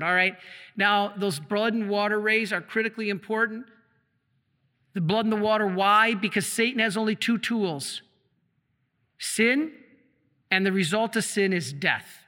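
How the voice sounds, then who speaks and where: A man preaching a sermon as a priest, asking the congregation questions and answering them himself, slowing and dropping low for emphasis. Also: sharp tone. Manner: slows down and drops low for emphasis. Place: church. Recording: long echo of a church hall.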